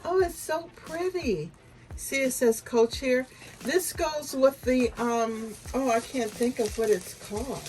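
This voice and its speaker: A woman's voice: high voice, slow, music in the background, low-quality recording. A woman chatting casually at her home desk as she unboxes gifts for her viewers, gushing with delight. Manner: gushing, breathy exclamations of delight. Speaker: unboxing vlogger.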